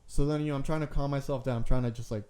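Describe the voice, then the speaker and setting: A man with a mellow, steady, mid-range voice races through a long story while co-hosting a casual podcast. He rambles, leaning heavily on "like" and "I'm like," calls people "bro," and swears without a second thought.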